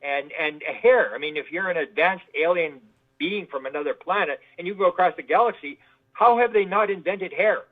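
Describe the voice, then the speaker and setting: Speaking at normal speed in a high voice, this man is a guest researcher in a casual interview. He wanders through his stories, repeats words a lot, and performs the voices of those he quotes, all heard over a tinny phone connection.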